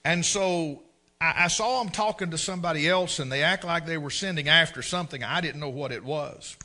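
Bright-voiced preacher man. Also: fairly high pitch, fairly quick. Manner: folksy, animated storyteller who acts out scenes. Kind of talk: storytelling sermon.

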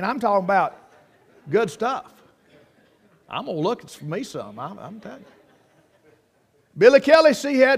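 A man delivers a sermon in a folksy, storytelling way. His voice sits a bit higher than most men's, and he often restarts his sentences, leaning on homespun sayings. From United States. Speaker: pastor.

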